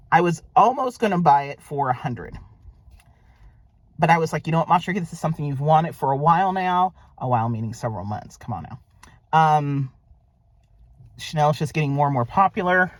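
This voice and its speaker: A middle-aged woman chatting casually to her viewers as she unboxes a package, gushing and excitable. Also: low-pitched, no echo. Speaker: vlogger. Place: at a private mailbox.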